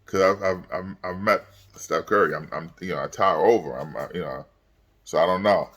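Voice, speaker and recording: A man reacting to a basketball game in a casual, rambling way, repeating words and using many fillers, growing louder when worked up. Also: fairly quick, breathy edge. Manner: gets loud and high when worked up. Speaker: basketball commentator.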